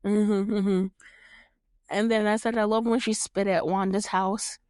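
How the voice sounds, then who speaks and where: A woman's voice: mid-range voice, level tone, unhurried, a little mellow, clean tone, no echo, clean studio sound. A young woman from New York hosting a podcast, chatting casually and animatedly, laughing often and swearing freely. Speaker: podcast host. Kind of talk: casual chat.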